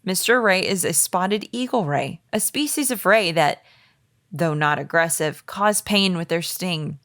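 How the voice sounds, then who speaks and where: A woman's voice: on the low side, measured pace, fairly bright tone, dry recording, studio quality. A woman co-hosting a podcast, reading out a fan theory in a playful, giggly way. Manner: playful, giggly, tries silly accents. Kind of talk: casual chat, reading a theory aloud.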